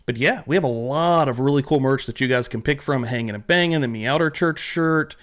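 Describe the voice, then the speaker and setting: A young adult man hosting a casual livestream, animated and excitable, swearing casually as he greets viewers. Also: mid-range voice, fairly quick. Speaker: livestream host.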